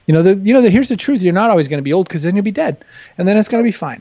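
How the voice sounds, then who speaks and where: A man's voice: high-pitched, animated, very fast, mellow, dry recording, dull audio. A man talking candidly and with humor as an interview guest, often self-deprecating. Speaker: guest author. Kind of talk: casual interview chat.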